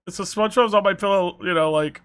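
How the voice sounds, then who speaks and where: Young man, high voice, bright tone, animated storyteller, swears and laughs a lot. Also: fast, clean tone. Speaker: streamer. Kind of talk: casual storytelling to chat.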